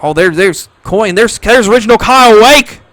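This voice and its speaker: High, bright, swearing wrestling commentator man. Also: lively intonation, normal speed, no echo. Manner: swears constantly, breaks into shouting hype. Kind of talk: profane excitable play-by-play commentary.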